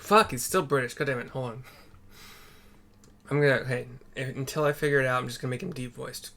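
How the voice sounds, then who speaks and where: A man's voice: mid-range voice, fast talker, pushed and bright. A man casually narrating a story game for blind viewers, swearing and thinking aloud.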